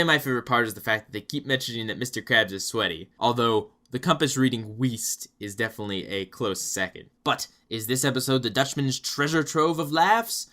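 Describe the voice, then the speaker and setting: A man reviewing cartoon episodes in a playful, jokey way, with sudden loud bursts. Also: medium pitch.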